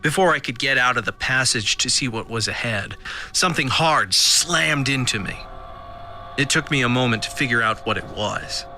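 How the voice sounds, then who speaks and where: Bright-voiced male narrator. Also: medium pitch, moderate pace, faint music behind. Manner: dry, first-person storytelling. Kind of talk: scripted audio drama narration.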